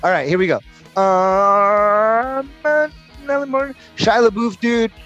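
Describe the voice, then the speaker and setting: A man co-hosting a casual podcast chat, ranting loudly and cursing often, breaking into mocking voices. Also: very high-pitched, sing-song, fast talker, dull audio, soft background music. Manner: loud, ranting, profane, full of mocking put-on quotes. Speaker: podcast co-host.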